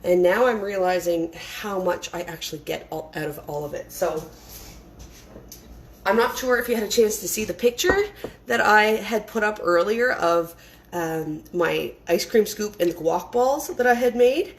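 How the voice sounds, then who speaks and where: A woman's voice: mid-range voice, measured pace, a little hiss or hum, poor audio. A woman giving a casual, rambling cooking demonstration in her home kitchen, chatting as she works with lots of fillers and restarts.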